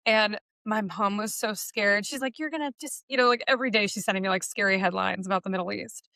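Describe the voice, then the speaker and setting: A woman's voice: medium pitch, level tone, fairly quick, creaky, pushed and bright, no echo, studio quality. A woman talking as a podcast guest in casual conversation, chatty and telling stories. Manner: chatty, storytelling, quotes people in voices. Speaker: podcast guest, automotive media personality.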